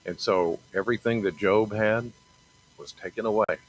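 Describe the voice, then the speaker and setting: A middle-aged man talking earnestly about his faith in a halting, personal monologue, often repeating and restarting phrases. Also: lowish voice, slight background noise, rough recording. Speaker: TV meteorologist sharing faith talk.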